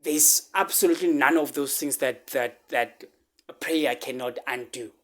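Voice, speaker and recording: Guy vlogging his story, keeps saying "man" and "right", choked up and halting. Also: medium pitch, fairly bright tone. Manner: halting, repeats words, fillers like "man" and "right?". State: close to tears. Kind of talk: emotional personal storytelling.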